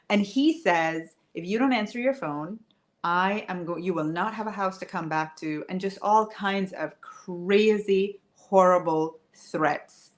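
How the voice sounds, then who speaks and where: Female coach, lowish voice, emphatic storytelling, hushed to raised. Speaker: women's wealth coach. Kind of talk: personal storytelling to an online audience.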